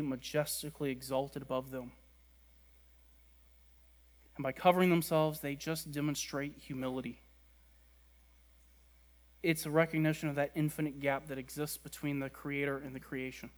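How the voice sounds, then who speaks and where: A man preaching a sermon, stressing words by repeating them and letting key lines fall quiet and low. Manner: emphatic, repeats words for stress, drops soft at ends. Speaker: pastor.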